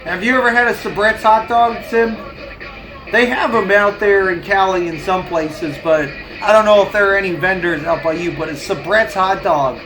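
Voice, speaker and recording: This livestreamer's voice is high-pitched and moves at a moderate pace, with music playing behind him on a low-quality recording. He rambles casually, ranting, cursing a lot, and laughing frequently.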